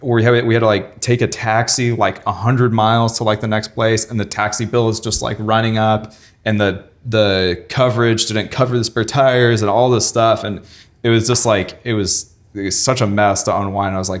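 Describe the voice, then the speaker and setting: A young man co-hosting a podcast tells a story about a travel mishap in a casual chat, his voice fairly low and his pace moderate. He rambles and stays animated, acting out plenty of quoted back-and-forth dialogue.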